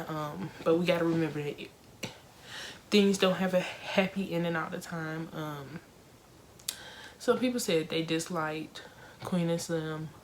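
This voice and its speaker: Young woman doing a movie review vlog, lowish voice, gets emotional, faint hiss behind. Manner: emotional, expressive, talks straight to viewers; casual conversational with lots of fillers. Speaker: vlogger reviewing a film.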